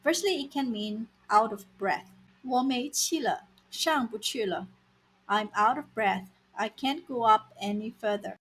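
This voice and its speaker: A woman teaching vocabulary in a scripted lesson, saying words slowly and repeating them for learners. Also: a little high, a bit bright, slight background noise, poor audio. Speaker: language teacher.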